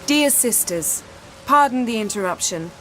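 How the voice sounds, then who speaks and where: An actress voicing a proud, commanding sorceress in poised video game dialogue. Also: female voice, on the high side, animated, a little slow, a bit bright, faint music behind, poor audio. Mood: cool. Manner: poised, imperious.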